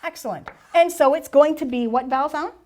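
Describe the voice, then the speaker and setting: A woman leading a workshop for teachers, explaining reading rules step by step with quick questions and answers. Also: high voice. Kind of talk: presentation to teachers and parents.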